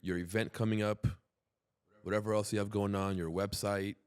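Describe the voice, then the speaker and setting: A man hosting a podcast, loud and upbeat as he wraps up the conversation. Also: fairly low pitch, little pitch movement, moderate pace, clear, resonant tone. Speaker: podcast host. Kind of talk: casual interview wrap-up.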